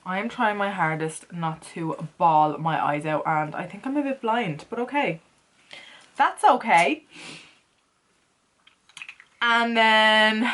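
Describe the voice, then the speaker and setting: Taking it slowly with long pauses, a woman makeup vlogger speaks in a medium-pitched, fairly bright voice. She chats casually and playfully through her tutorial, talking to herself as she works.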